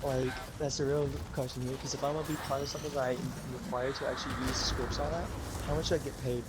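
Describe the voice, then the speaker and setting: Quick, brash young man, bluntly honest, casual stream banter. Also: mid-range voice, flat delivery, noisy background. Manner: blunt, brash, swears a lot. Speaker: guest on a gaming stream. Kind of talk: casual chat.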